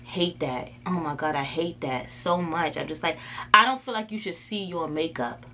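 A woman's voice: sits low, normal speed, pushed and bright. A woman beauty vlogger chatting casually through a makeup tutorial, rambling with lots of filler words.

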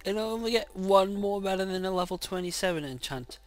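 A man casually commenting on his own gameplay, excitable and quick to swear loudly when frustrated, speaking into a desk mic. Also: high-pitched, soft background music. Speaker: gaming channel host. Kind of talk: casual let's-play commentary.

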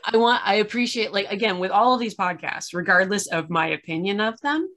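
A woman's voice: mid-range voice, brisk, a bit bright. A tired woman hosting a casual chat from her room at home, full of fillers and rambling asides, on a video call. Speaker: podcast host. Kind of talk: casual discussion.

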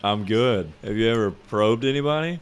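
A man streaming live, joking around crudely in casual chat with loud bursts. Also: lowish voice, animated, normal speed, clear, resonant tone.

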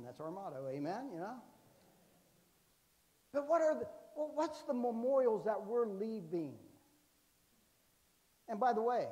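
A man's voice: high voice, lively intonation, moderate pace, pauses often, mellow, long reverb tail. A man in his sixties, a guest preacher telling jokey, folksy stories in a sermon and often asking "amen". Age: 60s. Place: church sanctuary.

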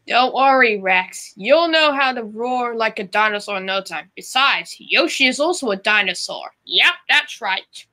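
A woman's voice: a little high, animated, unhurried, few pauses, pushed and bright. A woman voicing a cheerful small green male dinosaur with an upbeat, bouncy way of talking. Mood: encouraging.

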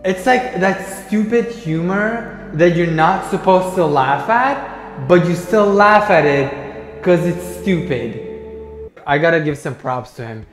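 A man's voice: on the high side, lively intonation, slow pace, roomy sound, soft background music. A young man giving reaction commentary as a YouTuber, mocking, incredulous and sweary.

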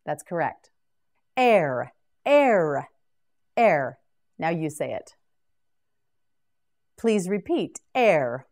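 A woman teaching English vocabulary in a scripted drill, pronouncing each word clearly and deliberately. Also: lowish voice, a little mellow.

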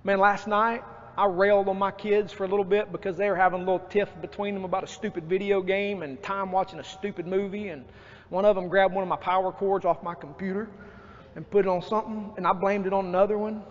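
A man preaching a sermon as pastor, lively and acting out his own outbursts. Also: high voice, fast. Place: church sanctuary. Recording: dull church recording with long reverb.

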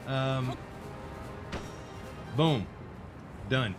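A man's voice: fairly high pitch, sing-song, moderate pace. Playful male gaming host. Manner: casual, playful. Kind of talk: let's play commentary. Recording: game music behind.

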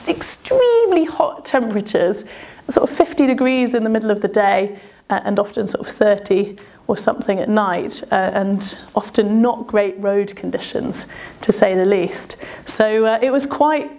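In a slightly high voice with a darkish tone, a woman from Britain, an adventurer and speaker, tells a travel story. She keeps it chatty and self-deprecating and laughs a lot.

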